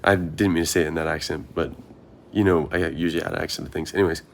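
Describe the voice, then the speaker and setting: Young man, low voice, earnest, rambling, self-questioning vlog monologue. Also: steady tone, fast, creaky, slight background noise. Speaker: marathon runner vlogger.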